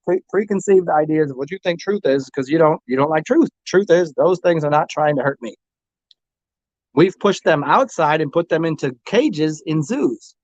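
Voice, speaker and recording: A man's voice: on the high side, animated, normal speed, no room sound. A man hosting a livestream, arguing with chat viewers and repeating himself with frequent stammers. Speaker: livestream host. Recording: dull, lo-fi dry home recording.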